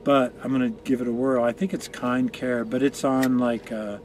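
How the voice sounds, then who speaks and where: His voice is mid-range, level and somewhat dark, delivered at normal speed over slight background noise. The man, from Colorado, appears on a casual chat show and rambles through sweary stories that wander off on side tracks, while marijuana is smoked in the room.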